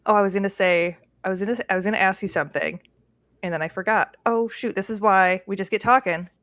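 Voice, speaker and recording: A woman co-hosting a casual podcast chat, talking with laughs and pausing to search for words. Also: medium pitch, fairly bright tone, no room sound, studio quality. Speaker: podcast co-host.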